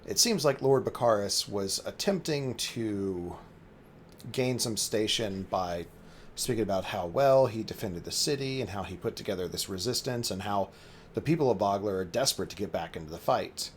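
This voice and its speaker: A man narrating as game master of a tabletop game, measured with a few fillers. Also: fairly low pitch, lively intonation, a little hiss or hum.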